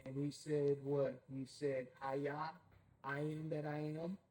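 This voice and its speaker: A man's voice: a little high, flat delivery, takes it slowly, dark tone, rough recording. A man leading a Bible study, who keeps saying "okay?" and puts questions to his group. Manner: checks in with "okay?" constantly, asks the group questions.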